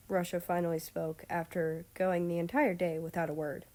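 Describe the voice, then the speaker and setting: A woman reading a fan story aloud in calm, measured narration. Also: on the low side. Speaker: story reader.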